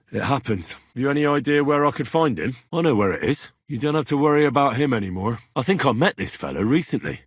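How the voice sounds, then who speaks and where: Hot-tempered young medieval blacksmith's son for a game; husky, dry studio read. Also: male voice, mid-range voice, no room sound. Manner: swears in anger, blunt and wry. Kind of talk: video game voice lines.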